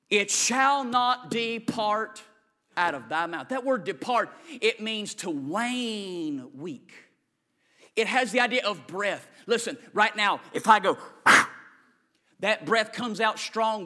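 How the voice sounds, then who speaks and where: A male preacher giving a sermon, swinging between loud shouted lines and quiet low asides. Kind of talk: energetic sermon.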